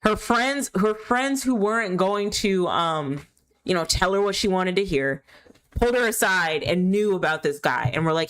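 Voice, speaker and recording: A woman's voice: mid-range voice, expressive, normal speed, a bit bright. A woman streaming live, talking in a rambling, candid, opinionated way, full of filler words. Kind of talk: casual chat while gaming.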